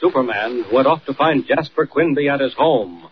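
Man narrating old radio serial, measured, muffled recording. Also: medium pitch, noisy background. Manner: measured announcer delivery.

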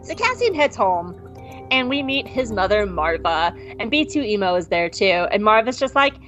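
A woman co-hosting a podcast, recapping an episode in a casual, animated and profane way. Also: medium pitch, normal speed, faint music behind. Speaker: podcast co-host.

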